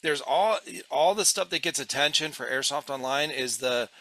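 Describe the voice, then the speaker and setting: A middle-aged man hosting a casual podcast, blunt and outspoken, with swearing and lively asides. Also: mid-range voice, normal speed, no echo. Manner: blunt, swearing, animated storyteller. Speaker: podcast host.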